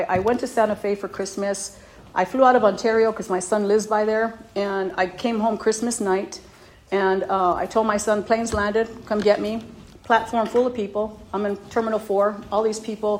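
A middle-aged woman giving a personal testimony as a speaker at a recovery meeting. She tells her story in a lively way and acts out her own reactions when she quotes herself. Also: medium pitch, a little hiss or hum.

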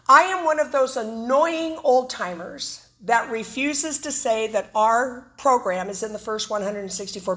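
A woman's voice: on the high side, fairly bright tone. A woman speaking at a recovery meeting, telling her personal story with humor and animation. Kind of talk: personal testimony talk.

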